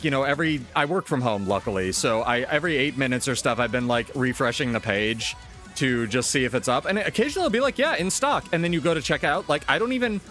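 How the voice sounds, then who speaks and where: A man's voice: a little high, pushed and bright. A male streamer from the United States in casual live-stream chat, ranting with lots of swearing and exasperation.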